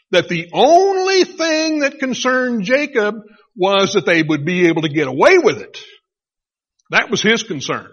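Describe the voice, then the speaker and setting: A middle-aged man preaching a sermon, retelling a story in a conversational, animated way. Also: sits high, measured pace. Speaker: pastor. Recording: dull lo-fi recording.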